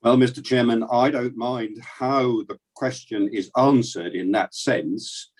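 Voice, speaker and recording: A man speaking as a councillor in a formal committee debate over a video call, measured and hesitant with many fillers. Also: medium pitch, darkish tone. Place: remote council meeting.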